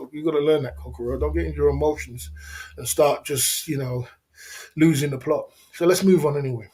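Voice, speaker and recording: A man hosting a casual livestream, rambling and repeating himself in streetwise slang while answering viewers. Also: on the high side. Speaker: livestream host. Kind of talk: casual livestream chat reading viewer comments.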